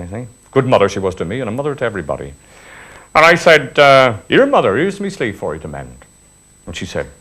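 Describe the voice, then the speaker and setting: A man's voice: mid-range voice, fairly bright tone. A man, telling an old reminiscence in broad dialect with chuckles. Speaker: storyteller. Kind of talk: spoken reminiscence, folk tale.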